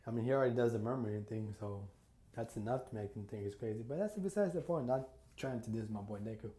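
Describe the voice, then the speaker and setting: A man's voice: fairly low pitch, fast, warm tone, echoey room. A man casually retelling a fan story, rambling with lots of fillers and acting out the quotes. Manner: rambling, full of "you know" and "like", acts out quotes.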